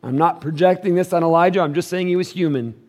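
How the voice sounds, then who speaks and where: Casual, emphatic male pastor preaching. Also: quick pace. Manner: casual and conversational, with slang like "dude" and "props"; swings between loud, emphatic stretches and quiet, low passages. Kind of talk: sermon.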